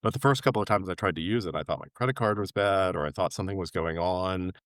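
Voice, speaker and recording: Low-voiced man telling lively stories. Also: quick pace, no room sound. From New York. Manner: animated anecdote-telling, acting out quoted voices with big pitch jumps. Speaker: podcast guest. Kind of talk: casual storytelling interview.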